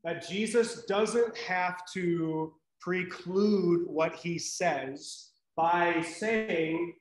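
High-voiced man teaching a Bible class. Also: extremely slow, few pauses, reverberant, rough recording. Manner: conversational, many fillers and "right?" checks.

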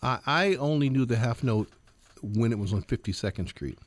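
A man's voice: mid-range voice, expressive, moderate pace, no room sound. Earnest jazz guitarist in his sixties. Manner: earnest, with frequent fillers and repeats. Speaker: guest jazz guitarist and professor. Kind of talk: reflective interview answers.

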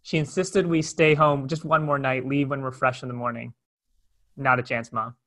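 A man's voice: medium pitch, moderate pace. A young adult man telling a personal story in a candid, conversational way. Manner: candid, conversational, animated retelling. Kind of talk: storytelling talk.

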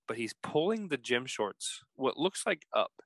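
A man's voice: medium pitch, unhurried, gravelly, dry recording, poor audio. A man hosting a podcast, telling a story casually and acting out the quoted text messages. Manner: animated, acts out quoted texts. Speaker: podcast host.

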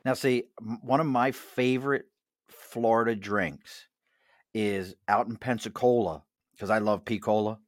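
A man's voice: on the low side, fairly even intonation, measured pace, dry recording, clean studio sound. A middle-aged man with a Mid-Atlantic accent, hosting a casual chat at a bar, jokey and chatty with frequent laughs. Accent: Mid-Atlantic American. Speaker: host.

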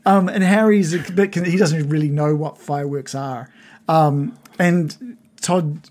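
A man's voice: a little high, unhurried, darkish tone. A man running a tabletop game as game master, narrating in a rambling way. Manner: rambling, full of fillers and restarts.

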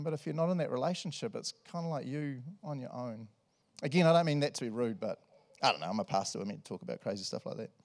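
A male pastor with a medium-pitched, creaky voice preaches a sermon at church. He stays animated and jokes often, moving between loud bursts and softer lines.

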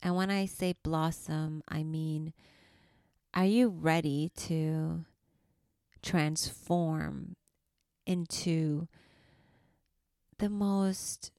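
A woman hosting a spiritual podcast for mothers, speaking softly and affectionately and sometimes dropping to a whisper. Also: low voice, steady tone, drawn-out words, long pauses, no room sound, clean studio sound. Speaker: podcast host and life coach. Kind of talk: slow, soothing spiritual podcast talk.

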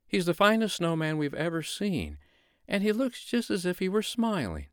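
A kind, eager little boy from a bedtime story, high and earnest, voiced by a man. He sounds worried but sweet. The recording is close and dry. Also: sing-song, moderate pace, dry recording.

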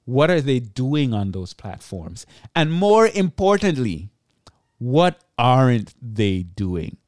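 A tired man hosting a solo podcast, teaching in an energetic, chatty way with self-deprecating asides. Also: mid-range voice, takes it slowly, no echo, clean studio sound. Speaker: podcast host. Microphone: close podcast mic.

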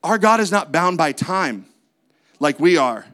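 A man's voice: a little high, animated, a little slow, a bit bright. A man preaching a sermon as a pastor, with a conversational manner, lots of rhetorical questions and playful asides.

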